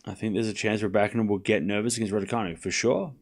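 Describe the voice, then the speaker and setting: With a fairly low voice, quick pace and vocal fry, a young man streams live tennis watchalong commentary. He keeps the play-by-play casual and relaxed, ribbing his chat and bursting into laughter.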